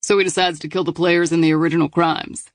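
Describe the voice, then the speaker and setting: Audiobook: deliberate male detective, gravelly, slightly higher voice, performed by a man. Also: flat delivery, no echo, studio quality, close to an everyday voice. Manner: measured, deliberate case reasoning. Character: male investigator reasoning through a case. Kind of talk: audiobook dialogue reading.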